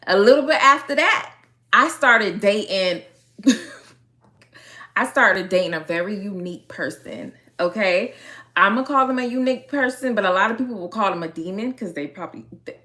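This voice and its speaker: A woman's voice: medium pitch, lively intonation, unhurried, long pauses, pushed and bright. A young woman with a Miami accent, a hair care creator telling a story time in a chatty, slangy way with frequent laughs.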